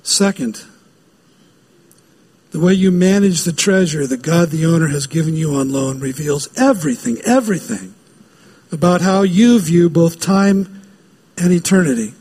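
A man's voice: a little high, animated, a little slow, long pauses, darkish tone, breathy edge. A man preaching a sermon as pastor, emphatic and given to repeating key phrases.

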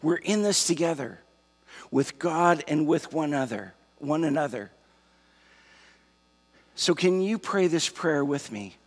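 A pastor preaching a sermon to his church, slow and emphatic, repeating key phrases. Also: a little high, lively intonation, slightly rough. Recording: long hall reverb.

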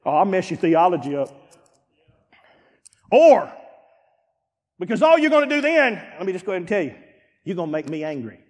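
A man pastor preaching a sermon, dropping to low asides and rising to shouts, acting out church members. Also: big pitch swings, a little fast, pauses often. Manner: acts out church members in quoted voices. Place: church sanctuary. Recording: long hall reverb.

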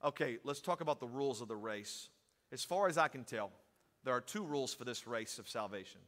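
A man preaching a sermon, moving from steady teaching to loud, emphatic preaching. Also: medium pitch, fairly quick, big-room sound.

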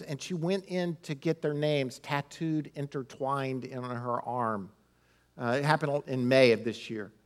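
Animated, lively-voiced male pastor preaching. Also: on the high side. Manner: animated, humorous preaching with laughs and asides. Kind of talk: sermon.

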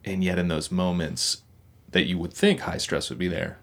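A man's voice: low voice, fairly even intonation, moderate pace. A young man co-hosting a podcast, talking casually in a rambling, hesitant way with many restarts. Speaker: podcast co-host. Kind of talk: casual conversation.

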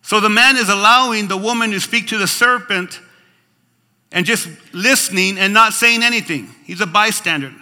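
A male pastor delivers an expressive sermon, his high, piercing voice carrying a long reverb through a church hall. He reads scripture and stops to comment, often turning to the congregation with "right?" and "Amen?". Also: moderate pace. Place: church sanctuary.

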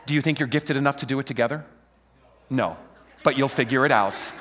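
A man preaching a lively Palm Sunday sermon into a handheld mic, joking with and rallying his congregation. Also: medium pitch, brisk, long pauses, a little hiss or hum. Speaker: pastor. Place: church hall with a live congregation. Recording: long hall reverb.

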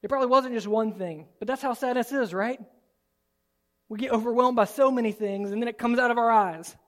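Pastor, male, higher-pitched, animated sermon delivery. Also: a little fast. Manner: animated, swings from soft and low to loud and high. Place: church sanctuary.

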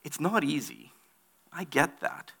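A man's voice: on the high side, unhurried, creaky, breathy edge. A man preaching a sermon, reading a Bible passage aloud and then applying it to his congregation. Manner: reads scripture aloud, then preaches with animated put-on voices. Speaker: pastor.

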